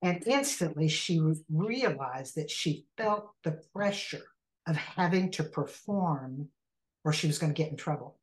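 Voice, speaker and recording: As a guest in a conversational interview, a woman who heads an inner healing ministry tells a story, animatedly acting out its characters. Her voice is low-pitched and unhurried, and the recording carries a roomy echo.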